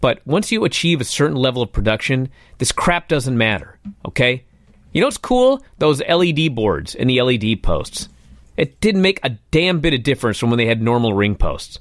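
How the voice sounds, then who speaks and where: A man's voice: mid-range voice, big pitch swings, moderate pace, no room sound. A man hosting a talk radio show, ranting in a fired-up, exasperated way.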